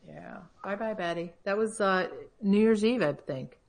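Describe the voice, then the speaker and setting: A woman's voice: mid-range voice, a little slow, vocal fry. A woman co-hosting a casual chat, talking freely and asking the others questions to keep it going. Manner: chatty, asks questions to steer the talk. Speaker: podcast co-host.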